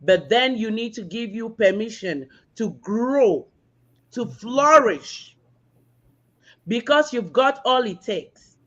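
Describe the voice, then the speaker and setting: Slow, high-voiced encouraging woman. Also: expressive, muffled recording. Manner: slow, encouraging, repeats key words. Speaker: guest speaker. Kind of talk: motivational talk.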